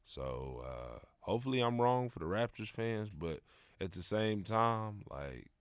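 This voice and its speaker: Laid-back deep-voiced man podcasting solo. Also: normal speed, smooth, no echo, clean studio sound. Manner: laid-back, slangy, rambling with many fillers. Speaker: podcast host. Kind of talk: casual solo podcast chat.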